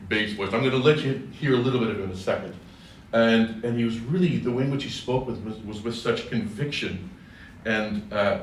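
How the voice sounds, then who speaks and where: A man's voice: medium pitch, slight background noise. A man from California, a singer giving a chatty, joking public talk with many self-corrections. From California, USA. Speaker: speaker, singer. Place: church hall. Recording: echoey hall, distant mic, faint ambience.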